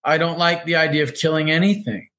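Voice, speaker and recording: A man's voice: on the high side, fast talker, fairly bright tone. A man as a guest on a casual podcast interview, talking in an earnest way about spiritual ideas.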